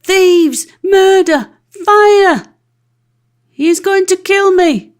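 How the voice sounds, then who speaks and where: A woman's voice: very high voice, very slow, pitched above the performer's own voice, full character voice. A woman reading an audiobook, voicing a cowardly male showman who shrieks for help in panic. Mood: panicked. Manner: shrieking, frantic.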